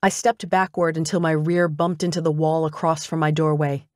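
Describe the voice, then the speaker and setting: A woman reading a first-person audiobook in an expressive, conversational way. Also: deep voice, normal speed, no echo, studio quality. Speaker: audiobook narrator.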